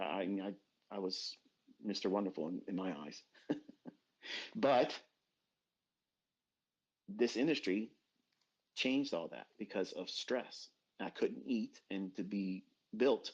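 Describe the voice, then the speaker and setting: A middle-aged man giving a blunt, profane motivational rant as a trading mentor, dropping to low murmurs and then bursting out loud. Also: breathy edge. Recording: dull lo-fi recording.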